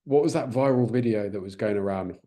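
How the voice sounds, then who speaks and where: A man's voice: lowish voice, brisk, warm tone. A British man interviewing, polite and hesitant with many ums. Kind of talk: casual interview.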